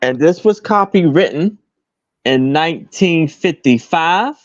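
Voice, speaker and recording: A man's voice: on the high side, expressive, unhurried, no room sound, lo-fi sound. A man selling items on a live stream, describing them plainly with hesitations. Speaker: guest seller. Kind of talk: casual sales pitch.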